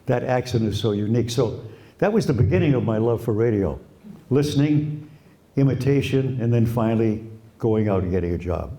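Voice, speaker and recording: A man's voice: mid-range voice, a little fast, reverberant. Older Boston man telling radio stories. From Quincy, Massachusetts. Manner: relaxed anecdotal storytelling, imitates voices. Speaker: retired radio broadcaster, guest. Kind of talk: storytelling at a live talk. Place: room with a live audience.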